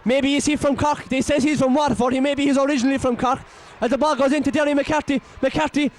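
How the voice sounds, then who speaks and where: Irish man, partisan match commentator, very high voice, excitable, scolds players. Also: fast talker, hardly any pauses, some chatter behind, a little hiss or hum. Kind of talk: partisan local sports commentary.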